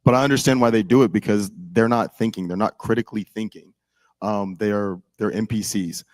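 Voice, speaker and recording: A man's voice: lowish voice, fairly even intonation, fairly quick, darkish tone, no room sound. A young man in casual political chat, rambling with many "like"s and restarts.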